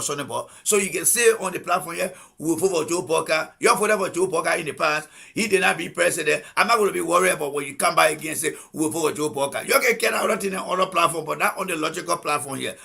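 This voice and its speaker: A combative man with a Liberian accent delivering political commentary on a live stream. His voice sits high and gravelly, with a bright, husky edge. He hammers his points home with repeated rhetorical questions. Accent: Liberian English.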